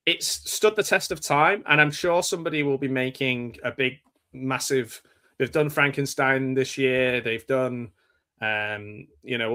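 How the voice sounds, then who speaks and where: A man's voice: medium pitch, sharp tone, smooth. An English man hosting a casual live chat about films, rambling and hesitant, with many fillers and restarts. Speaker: show host.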